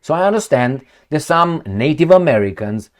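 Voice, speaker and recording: Slightly high and animated, this male vlogger talks at a normal speed. He's a political commentary host with a non-native English accent who rants opinionatedly, hurling rhetorical questions at his audience.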